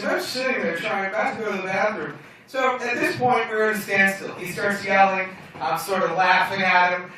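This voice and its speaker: A man's voice: high voice, moderate pace, bright, forceful tone, slight background noise. A young man doing a stand-up comedy set in a bar lounge, telling stories in a brash, profane, self-mocking way. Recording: echoey bar room from far off.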